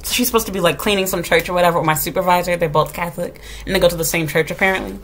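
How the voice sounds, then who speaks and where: A woman rattles off a story at high speed, blunt and sassy, with frequent swearing. She is a kindergarten teacher venting to her viewers in a casual, unscripted way. She switches into little acted-out voices whenever she quotes someone. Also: fairly even intonation, rapid-fire, a bit bright. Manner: acts out quoted dialogue. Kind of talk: casual venting chat to camera.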